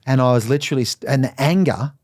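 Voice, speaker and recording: A middle-aged Australian man, a podcast guest, telling candid personal stories in an animated way. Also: mid-range voice, fast talker, no room sound, clean studio sound. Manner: animated, acts out quoted voices. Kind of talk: candid storytelling.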